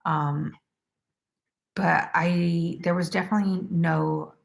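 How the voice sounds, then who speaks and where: A woman's voice: on the low side, fairly even intonation, takes it slowly, vocal fry. A woman in her twenties chatting casually on a crochet livestream, reading out viewer comments and talking loosely with lots of "like". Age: 20s. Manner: chatty, uses "like" often, laughs easily.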